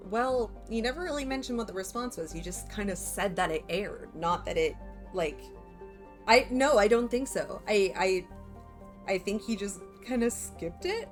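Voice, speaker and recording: A woman's voice: medium pitch, animated, moderate pace, music in the background. A woman streamer giving chatty, self-interrupting commentary while playing a game.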